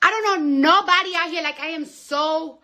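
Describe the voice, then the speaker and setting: A young woman chatting on a phone live stream at home, profane and rambling, swinging from loud outbursts to hushed whispers. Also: very high-pitched, normal speed. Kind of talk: casual live-stream chat.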